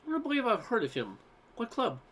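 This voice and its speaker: A man's voice: very high-pitched, wildly swooping pitch, brisk, a bit bright, voice pushed up, full character voice. A man voicing a haughty, condescending wealthy woman tennis player in a read-aloud story. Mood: snooty.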